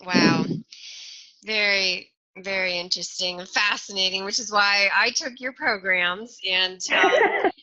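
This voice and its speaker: A woman hosts a podcast interview, listening closely and answering with short affirmations. She talks slowly in a sharp, bright voice. The sound is dull and lo-fi. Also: mid-range voice. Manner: attentive, responds with short affirmations. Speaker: podcast host. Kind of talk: interview hosting.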